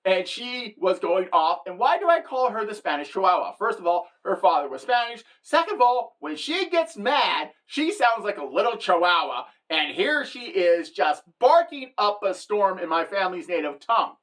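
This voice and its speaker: A middle-aged woman with a mid-range voice tells a comic story as a monologue. She talks in an animated way and drops her punchlines deadpan. She slips into the voices of the people she quotes. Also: medium pitch, normal speed, few pauses. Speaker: comedic storyteller.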